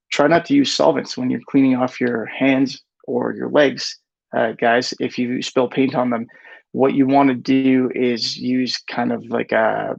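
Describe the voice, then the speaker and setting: A man's voice: medium pitch, creaky, no echo, dull audio. A man hosting a casual live Q&A, reading viewer questions aloud and often correcting himself as he answers. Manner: reads chat questions aloud, self-corrects with "rather".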